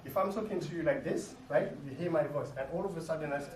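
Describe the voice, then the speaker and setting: Dance teacher in an echoey studio. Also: male voice, a little high, fast, hardly any pauses, over a noisy crowd. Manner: explanatory, ends points with tag questions. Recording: echoey room, mic far off. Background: music playing.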